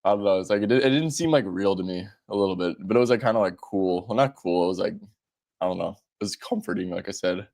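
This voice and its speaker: A man's voice: low-pitched, fast talker, vocal fry, a little mellow, dry recording. Dry-voiced joking young man host. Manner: loose, joking, rambling with many fillers. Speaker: sports betting show host. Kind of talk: casual betting chat.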